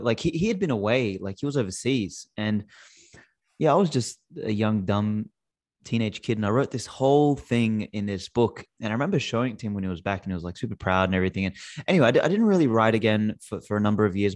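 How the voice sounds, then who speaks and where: A man's voice: fairly low pitch, animated, fast. A man in his thirties, a podcast guest, answering in a rambling, casual way full of restarts and "like". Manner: rambling, restarts, lots of fillers like "like".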